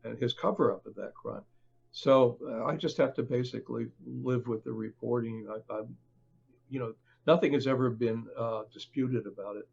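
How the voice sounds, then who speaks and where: An older man, a book author, speaking as a podcast guest in a halting, conversational way with many fillers and restarts. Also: mid-range voice, creaky, darkish tone, dull audio, slight background noise. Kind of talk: conversational interview.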